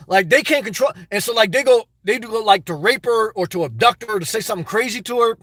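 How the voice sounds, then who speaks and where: A man with a high, bright voice rambles through a livestream, crude and excitable, jumping from thought to thought. The sound is dry and close, recorded from inside his car. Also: fast, hardly any pauses, dry recording. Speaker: livestream host reading chat. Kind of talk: rambling casual livestream chat.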